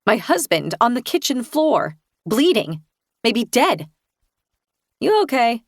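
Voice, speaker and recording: A woman's voice: a little high, big pitch swings, takes it slowly, no room sound, clean studio sound. A woman reading a first-person thriller audiobook in a tense, vivid storytelling manner. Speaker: narrator.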